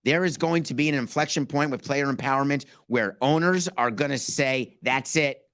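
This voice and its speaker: A man's voice: medium pitch, normal speed, a bit bright, smooth, no room sound, studio quality. A man hosting a sports talk podcast, speaking emphatically and firing off rhetorical questions. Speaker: podcast host.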